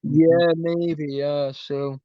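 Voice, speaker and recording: A man's voice: a little high, level tone, drawn-out words, dry recording, muffled recording. A man in casual chat on a stream, rambling and calling everyone mate.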